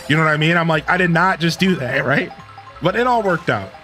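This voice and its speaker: A man livestreaming and chatting casually with his viewers, telling a rambling, animated story full of filler words. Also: fairly high pitch, a little fast, soft background music. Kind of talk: casual chat with stream viewers.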